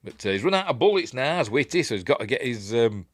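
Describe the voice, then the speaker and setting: A man's voice: mid-range voice, big pitch swings, fast talker, no room sound. A Yorkshire man in his fifties giving a rambling, chatty running commentary as he reviews a film, with frequent asides and self-corrections.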